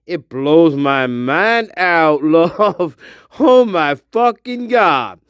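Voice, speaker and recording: A man's voice: on the high side, animated, extremely slow, fairly bright tone, smooth, no echo, muffled recording. Profane, rambling man hosting a livestream. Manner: profane, rambling, laughs often. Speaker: host of a one-man show. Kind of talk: casual livestream chat.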